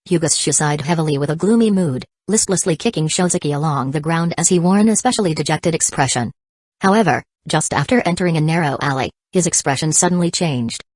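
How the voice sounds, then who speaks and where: A woman narrating an audiobook in a steady, even reading. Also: sits low, dry recording. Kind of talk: scripted narration.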